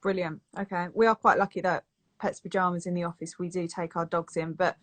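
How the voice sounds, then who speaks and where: A woman's voice: on the low side, little pitch movement, a little fast, very noisy. A woman hosting a casual live-stream interview who reads out audience questions and gives short replies.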